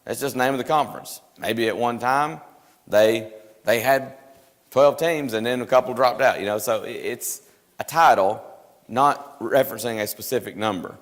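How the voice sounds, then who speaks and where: A man's voice: medium pitch, normal speed. A man teaching a church Bible class, explaining in a conversational way with frequent restarts. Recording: live stream with hall reverb.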